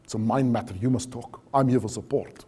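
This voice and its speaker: A man's voice: medium pitch, brisk, warm tone, slightly rough, voice pushed down, natural voice. A man voicing a stately male church minister who speaks firmly and measuredly.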